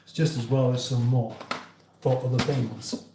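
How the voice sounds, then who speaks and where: A man's voice: mid-range voice, level tone, unhurried. A British man with a northern English accent hosts a live cooking stream from his kitchen, rambling casually and reading viewer comments aloud as he cooks. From England. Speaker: cooking livestream host. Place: home kitchen. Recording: echoey kitchen with faint background noise.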